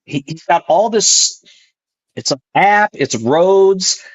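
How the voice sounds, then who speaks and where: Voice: medium pitch, lively intonation, takes it slowly, slightly rough, dull audio. A podcast co-host thinking aloud about a painting in casual chat, hedging and unsure.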